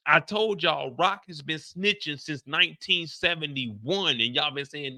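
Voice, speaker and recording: Gravelly, bright-voiced man ranting. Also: fairly high pitch, measured pace, dry recording. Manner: animated, profane and slangy. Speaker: TV show recap host. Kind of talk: casual ranting episode recap.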